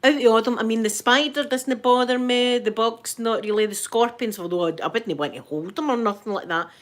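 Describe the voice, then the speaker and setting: Talking a little fast in a slightly high voice, this middle-aged Scottish woman runs a live stream. She keeps the chat casual and says hello to viewers by name.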